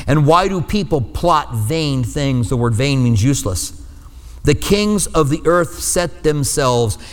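Pastor guy preaching, kinda high voice, chatty with jokes, long echo behind him. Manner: conversational, joking asides between scripture readings. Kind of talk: expository sermon on radio.

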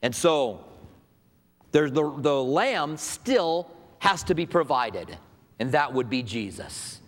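A man's voice: fairly high pitch, very animated, takes it slowly. A man preaching a sermon to his congregation in a conversational style, asking rhetorical questions. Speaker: pastor. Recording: long hall reverb.

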